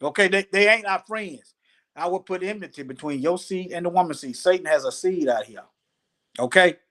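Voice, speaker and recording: A man leading a live scripture study, reading verses aloud slowly and breaking off for casual, plain-spoken commentary. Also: high voice, a bit bright. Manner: slow, deliberate reading broken by casual asides. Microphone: phone.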